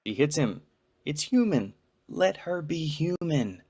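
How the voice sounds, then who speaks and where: A man's voice: fairly high pitch, sing-song, slow pace, a little mellow, husky. A man commenting on a played clip in a pointed, emphatic way.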